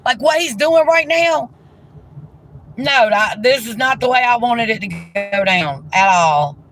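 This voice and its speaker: A woman's voice: fairly high pitch, animated, a little slow, a bit bright, soft background music, rough recording. A woman ranting heatedly and profanely during a live stream, talking into a handheld phone from inside a car.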